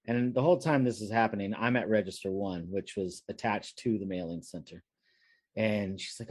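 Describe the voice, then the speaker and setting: A man's voice: fairly low pitch, fairly even intonation, normal speed, darkish tone, no room sound. A man co-hosting a podcast, telling a long work story in rambling casual chat with many fillers and restarts. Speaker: podcast co-host.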